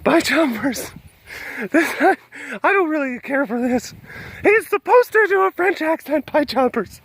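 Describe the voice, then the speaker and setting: A man's voice: very high voice, expressive, unhurried, a bit bright, pitched above the performer's own voice, full character voice. A man voicing a fussy, whiny heckler who petulantly complains. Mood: indignant. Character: fussy whiny nitpicking heckler, high and indignant.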